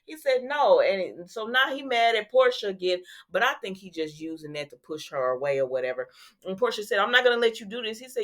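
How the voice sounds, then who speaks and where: A woman's voice: medium pitch, brisk. A woman who recaps soap opera episodes in a casual, chatty way, acting out the dialogue and laughing often. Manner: animated, acts out the quotes, laughs often.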